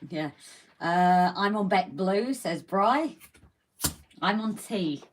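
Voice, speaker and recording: A woman's voice: medium pitch, lively intonation, slow pace, a little hiss or hum, low-quality recording. A woman co-hosting a casual live stream, reading out viewer comments and greeting them as darling and lovely.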